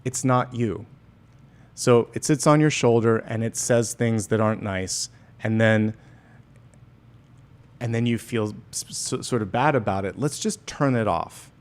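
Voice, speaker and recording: A man talks through a tarot reading in a relaxed, chatty manner, circling back and restarting his phrases. His pitch sits in a middle range for a man. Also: unhurried. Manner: gentle and conversational, with frequent restarts. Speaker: tarot reader. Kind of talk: casual spoken tarot reading.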